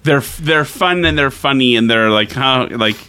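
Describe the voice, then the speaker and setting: A man's voice: mid-range voice, moderate pace, smooth. A man co-hosting a casual podcast chat, talking with enthusiasm and laughing often. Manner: lively and enthusiastic, with frequent laughter. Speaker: podcast co-host. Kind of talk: casual chat about games and films.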